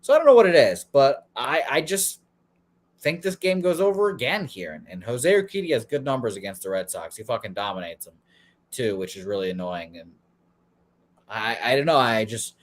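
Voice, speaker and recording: A man's voice: medium pitch, big pitch swings, normal speed. A male sports betting host talking through the day's games in loose, casual chat. He rambles, swears freely and pokes fun at himself, in an ordinary mid-range voice.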